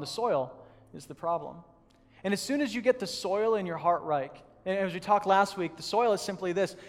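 High-voiced pastor preaching in a reverberant hall. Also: male voice. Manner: conversational storytelling, animated and self-deprecating. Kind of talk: sermon. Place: church hall.

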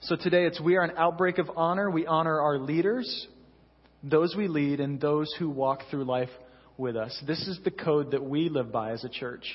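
A man's voice: on the high side, normal speed, breathy edge. A young man, a senior pastor, preaching a sermon in a church in a conversational storytelling way, often adding "you know". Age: young adult. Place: church sanctuary. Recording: distant echoey hall, dull lo-fi sound.

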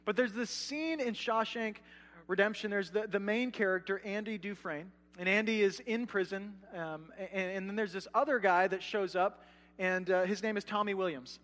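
Man, pastor, conversational sermon, high-pitched voice, long hall reverb. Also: moderate pace. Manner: conversational, animated preaching with asides to the congregation.

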